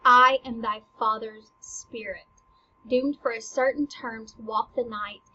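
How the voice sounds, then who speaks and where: A woman voicing the ghost of a murdered king, reciting verse slowly and solemnly. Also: a little high, fairly even intonation, pushed and bright, lo-fi sound.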